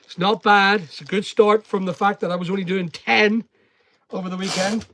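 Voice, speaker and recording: A man's voice: high-pitched, steady tone, normal speed, fairly bright tone, no echo. Rambling man, chatty seller vlog. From United Kingdom. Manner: rambling, jumps between topics, breaks off to greet viewers. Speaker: online seller and vlogger. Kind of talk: casual chatty vlog, talking to viewers.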